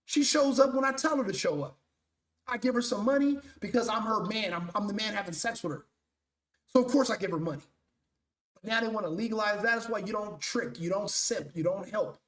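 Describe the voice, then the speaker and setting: A man's voice: high-pitched, fairly quick, fairly bright tone, roomy sound. A male show host delivering a blunt, profane, mocking commentary rant.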